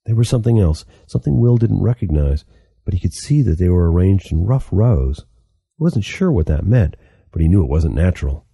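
A deep, husky male narrator reads a scripted audiobook in a steady, measured storytelling manner. The recording is dry and studio quality.

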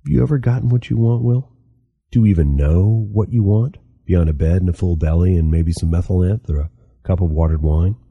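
A man voicing a patient, wry older guide in an audiobook, calm and reasoning. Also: deep voice, a little fast, creaky, slightly rough, no room sound, narrow, tinny audio, heavily acted. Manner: calm, reasoning and gently teasing. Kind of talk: audiobook character reading.

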